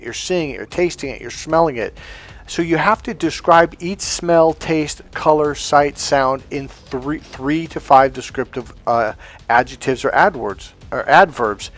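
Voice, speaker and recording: A man coaching other men on dating in a blunt, profane, casual monologue, acting out quotes as he goes. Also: medium pitch.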